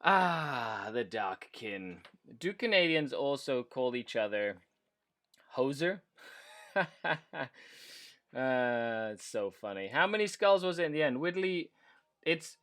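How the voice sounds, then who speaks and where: A man's voice: mid-range voice, fairly bright tone, no room sound. A man hosting a casual live hobby stream while painting miniatures, playful and enthusiastic as he chats with viewers at his desk mic.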